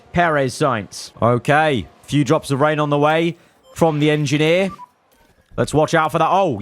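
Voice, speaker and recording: A man giving excitable live commentary over a racing management game, swinging from low muttering to loud outbursts. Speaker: gaming YouTuber.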